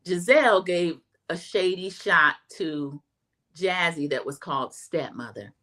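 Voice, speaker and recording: A woman's voice: lowish voice, unhurried, pushed and bright. A middle-aged woman hosting a casual livestream recap, chatting straight to her viewers. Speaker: host.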